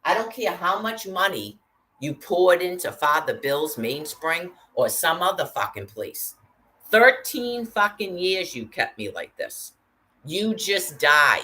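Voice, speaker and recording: A woman's voice: lowish voice, very animated, measured pace, sharp tone, rough recording. A woman delivering an angry, profane rant, cursing constantly and hurling threats.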